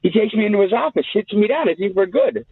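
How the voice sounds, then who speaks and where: Brief: animated high-voiced man telling a story, tinny phone-like line. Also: fast talker, slightly rough, dry recording. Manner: animated, profane, acts out the people in his stories. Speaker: host. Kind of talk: casual storytelling. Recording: tinny phone-like sound, dry.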